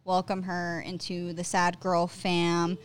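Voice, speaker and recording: A woman's voice: lowish voice, completely flat delivery, takes it slowly, smooth. A young woman hosting a podcast, talking casually with lots of fillers and swearing freely. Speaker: podcast host. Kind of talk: casual chat.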